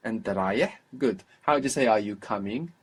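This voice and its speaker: A man's voice: mid-range voice, brisk, husky. A man teaching a language lesson, patiently prompting his student with questions and repeating the answers.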